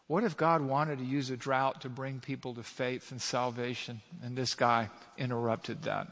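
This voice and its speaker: A man's voice: medium pitch, steady tone, normal speed, fairly bright tone, in a large hall. A male pastor preaching a sermon, emphatic, with rhetorical questions to his congregation.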